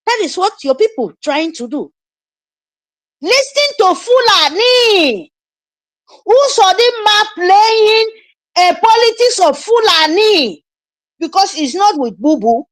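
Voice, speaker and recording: An activist commentator with a Nigerian accent gives an impassioned political address, emphatically repeating her points with urgent pleading. Her voice is very high and animated, she speaks slowly, and there's no room sound.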